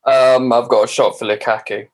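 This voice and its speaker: A man co-hosting a football podcast, speaking in a flat monotone. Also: mid-range voice, moderate pace. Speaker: podcast co-host. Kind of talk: casual football podcast chat.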